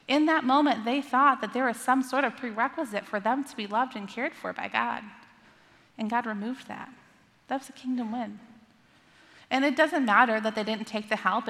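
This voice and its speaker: A woman's voice: fairly high pitch, fairly bright tone. A woman pastor delivering a sermon, earnest and asking her listeners direct questions. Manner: earnest, asks the congregation questions. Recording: long hall reverb.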